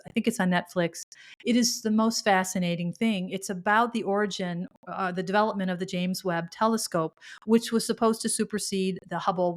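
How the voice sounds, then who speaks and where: Middle-aged woman, spiritual podcast host, earnest and heartfelt, mid-pitched voice. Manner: earnest and emotional, with frequent restarts. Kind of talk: spiritual monologue.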